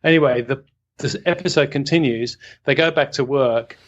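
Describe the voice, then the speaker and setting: A man's voice: mid-range voice, moderate pace, lo-fi sound. A man with a mid-range voice, recounting a story in a loose, rambling way. He stops and restarts often and fills the gaps with "um" and "uh.". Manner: rambling storyteller, hesitant fillers, chuckles. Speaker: writing podcast co-host. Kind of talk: casual anecdote.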